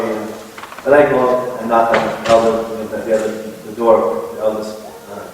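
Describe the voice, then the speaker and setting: A man's voice: on the low side, steady tone, normal speed, slight background noise. Man preaching in an echoey hall. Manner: conversational, with frequent restarts and rhetorical "right?". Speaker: Islamic lecturer. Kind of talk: storytelling sermon. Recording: echoey hall, speaker far from mic.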